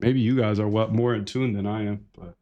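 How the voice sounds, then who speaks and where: A young man ranting casually on a livestream, excitable and profane, often calling listeners bro and dude. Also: fairly low pitch, brisk, lo-fi sound. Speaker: trading streamer.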